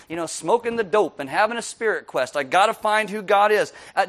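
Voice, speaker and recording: Animated preacher man with a high voice. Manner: animated, keeps asking the crowd "right?"; laughs often while preaching. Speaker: pastor. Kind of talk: sermon.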